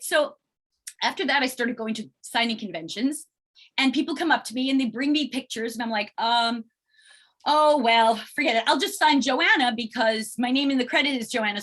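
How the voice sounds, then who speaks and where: A middle-aged actress chatting as an interview guest, telling stories in an animated way and acting out what people said. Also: female voice, fairly high pitch, a little fast. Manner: animated storyteller acting out quoted exchanges. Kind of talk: casual interview chat.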